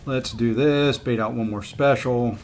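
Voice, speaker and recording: Speaking a little slowly in a mid-range voice with fairly even intonation, the streamer gives casual commentary on his mobile fighting game. He talks to himself and his chat in a rueful, relaxed way, coaxing the opponent.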